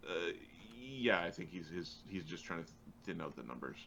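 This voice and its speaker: A man playing a tabletop game over voice chat, laughing often and halting with fillers. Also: low voice, expressive, vocal fry, pushed and bright, slight background noise. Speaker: player. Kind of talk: casual tabletop game play.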